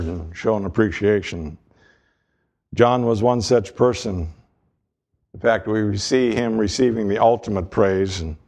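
A man's voice: on the low side, a little mellow. Man preaching a folksy sermon. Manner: measured preaching with folksy humor. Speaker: pastor.

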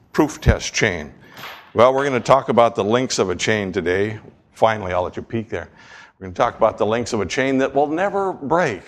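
A man preaching a sermon in a church, telling a story with lively asides and often clearing his throat. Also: mid-range voice. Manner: storytelling, animated, acts out voices and sounds. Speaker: pastor. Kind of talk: sermon with object lesson.

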